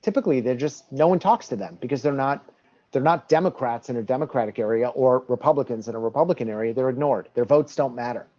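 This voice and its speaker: A man's voice: mid-range voice, fast, mellow. A man being interviewed as a guest on a podcast, explaining his points emphatically and sometimes restarting his sentences. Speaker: guest, election reform advocate. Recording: dull lo-fi audio.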